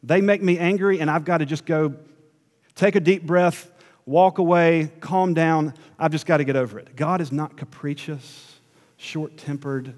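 A man preaching a sermon as pastor, swinging between hushed asides and emphatic, rising passages. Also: a little high, steady tone, a little slow, long reverb tail.

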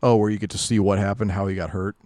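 A man's voice: on the low side, little pitch movement, quick pace, a little mellow, no room sound. A man co-hosting a podcast who chimes in and agrees in a laid-back casual chat. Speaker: podcast co-host. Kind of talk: casual comic review chat.

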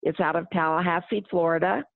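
A woman's voice: lowish voice, steady tone, fairly quick, vocal fry, no room sound. A middle-aged woman author answering interview questions and reading aloud from her novel, speaking earnestly. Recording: tinny phone line.

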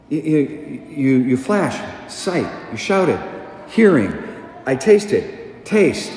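A middle-aged man and pastor preaching a sermon, conversational and animated, asking the congregation questions. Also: fairly high pitch, slow pace. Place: church. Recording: echoey church, long reverb, faint ambience.

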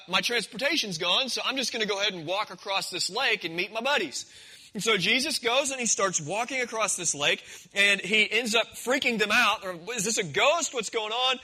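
A man's voice: sits high, pushed and bright, poor audio. A man preaching a sermon in a conversational, storytelling way, acting out the scenes. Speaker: pastor.

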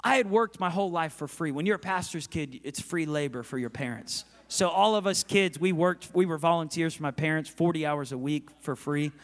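A man in his thirties preaching as a guest pastor, telling a story with passion and swinging between loud and hushed. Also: fairly high pitch, fairly quick, few pauses. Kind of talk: sermon. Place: large church auditorium. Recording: long reverb of a large hall.

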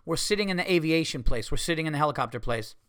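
A man with a somewhat high voice tells a story in a loose, lively way, cursing freely and acting out other people and the noises around him. The recording is close and dry, with no room sound at all. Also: racing, clear, resonant tone, no room sound. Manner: animated, swearing, acts out quotes and sound effects. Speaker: podcast host and comedian. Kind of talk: casual storytelling.

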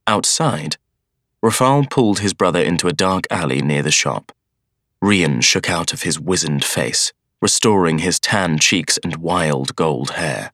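A male audiobook narrator with a deep voice and slow, unhurried delivery. His intonation rises and falls expressively through the story. The studio recording is dry and close. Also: lively intonation, vocal fry, a bit bright, dry recording. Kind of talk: scripted narration. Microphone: studio microphone.

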